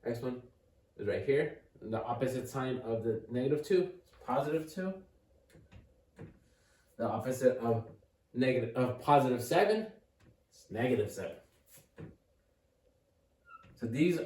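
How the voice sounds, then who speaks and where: A man's voice: mid-range voice, lively intonation, moderate pace, long pauses, a little mellow, slight background noise. A man giving a casual, upbeat math lesson at a board, thinking aloud and encouraging the viewer. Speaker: math tutor. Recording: echoey room, mic at a distance.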